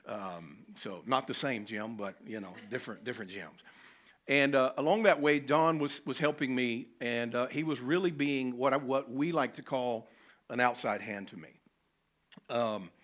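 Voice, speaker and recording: A man's voice: medium pitch, normal speed, a bit bright. A man, telling a personal story animatedly as a conference speaker. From North Carolina, US. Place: conference venue.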